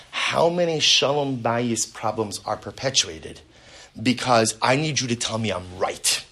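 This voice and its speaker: A man's voice: medium pitch, expressive, moderate pace, fairly bright tone. A man, likely a rabbi, giving a spoken lecture on marriage, earnest and fond of rhetorical questions and repeated words.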